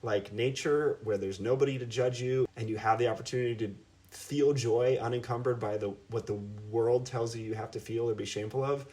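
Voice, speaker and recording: A man in his thirties from Middle America, a guest in a casual podcast interview, who talks with animated, playful emphasis and laughs often. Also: mid-range voice, brisk. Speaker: podcast guest, endurance athlete.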